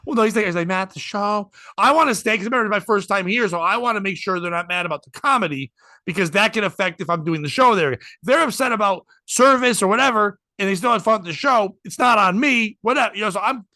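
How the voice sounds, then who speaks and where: A man with a high, bright voice tells a rowdy story on a comedy podcast. He swears freely and acts out the other people's lines. The sound is close and dry. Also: fast talker, no echo. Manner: acts out quotes with shouting, swearing, laughing.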